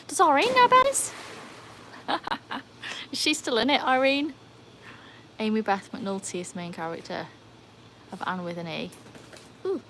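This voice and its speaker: A woman's voice: fairly low pitch, a little hiss or hum, poor audio. A woman, chatting casually on a live stream, laughing often and greeting viewers by name. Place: outdoors by a pool with dogs. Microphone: handheld phone.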